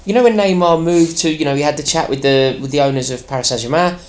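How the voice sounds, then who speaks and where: A man guest on a football podcast, animated and prone to stammered restarts. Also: on the high side, fast. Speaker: podcast guest, fan channel presenter. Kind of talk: casual football podcast chat.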